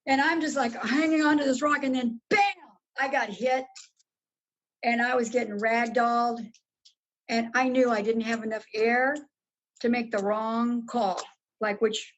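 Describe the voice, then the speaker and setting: A woman guest telling a story in casual, animated talk, swearing freely and jumping up in pitch when excited. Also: dull audio. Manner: animated, profane, swoops high when excited.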